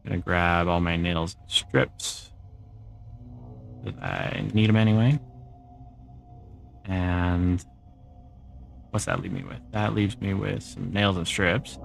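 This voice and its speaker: A man's voice: low-pitched, steady tone, takes it slowly, vocal fry, long pauses, faint music behind. A middle-aged man streaming a game, chatting casually and answering viewer comments as he plays. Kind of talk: casual gameplay chat.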